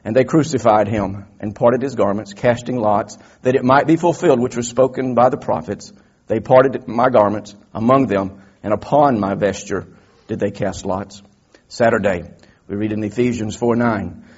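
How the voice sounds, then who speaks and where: A male pastor delivers a sermon in an earnest voice, leaning on repeated phrases to build emphasis. His voice is a little husky, and the recording sounds somewhat dull and lo-fi. He reads scripture at a slow, deliberate pace. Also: medium pitch, darkish tone. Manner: reads King James scripture slowly and deliberately.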